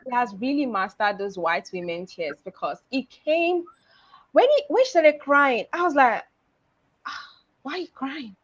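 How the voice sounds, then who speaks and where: A woman's voice: fairly high pitch, expressive, normal speed, a bit bright, dry recording, lo-fi sound. A woman co-hosting a casual recap chat, making pointed, critical remarks. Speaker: podcast co-host.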